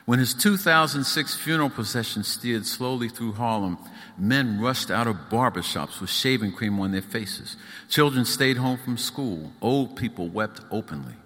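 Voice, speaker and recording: Author reading live: man, mid pitch, bright tone, emphatic rhythm, hall echo. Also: expressive, moderate pace. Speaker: author reading his own book. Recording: echoey hall.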